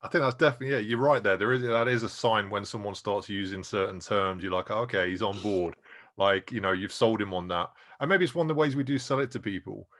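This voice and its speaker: A man's voice: lowish voice, fast, hardly any pauses, a bit bright. A man co-hosting a casual panel chat who agrees with the others and asks follow-up questions. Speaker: co-host.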